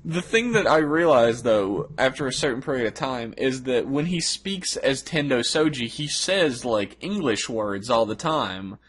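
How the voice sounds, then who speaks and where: A young man co-hosts a casual podcast, voicing firm opinions with easy laughter. His voice sits at a plain middle pitch. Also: animated, a little slow, hardly any pauses, a bit bright, breathy edge. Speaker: podcast co-host. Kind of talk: casual chat.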